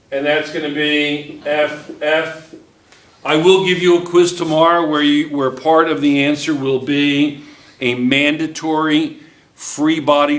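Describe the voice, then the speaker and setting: A man's voice: a little high, a bit bright, distant mic. A man teaching a physics class, joking and teasing his students as he works through problems. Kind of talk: classroom lesson. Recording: echoey classroom.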